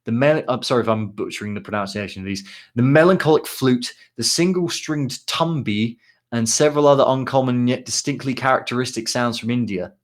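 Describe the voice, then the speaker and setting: A man co-hosting a relaxed podcast, reading out band blurbs and pausing often with ums and little asides. His voice sits at an ordinary middle pitch. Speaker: podcast co-host. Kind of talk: casual podcast chat.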